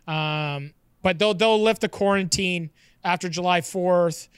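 High-voiced man rambling casually. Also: measured pace, clean tone, no echo. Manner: rambling, self-correcting. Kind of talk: casual chat.

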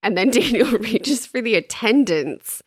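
Lively woman recapping a horror book. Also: on the high side, unhurried, breathy edge, no echo, clean studio sound. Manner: animated, reads horror passages dramatically, laughs often. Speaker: podcast co-host recapping a book. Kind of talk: casual chat, reading passages aloud.

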